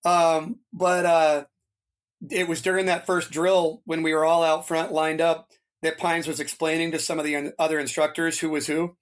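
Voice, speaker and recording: Man, 50s, higher-pitched, loose talker, animated storyteller. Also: normal speed. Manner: rambling, filler-heavy, animated when quoting others. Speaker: interview guest, retired fire lieutenant. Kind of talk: casual storytelling.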